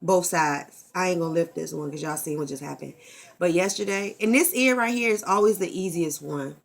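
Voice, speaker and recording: A woman's voice: fairly low pitch, brisk, vocal fry. A woman, talking candidly and expressively in a casual vlog and swearing freely, into a camera mic. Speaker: vlogger.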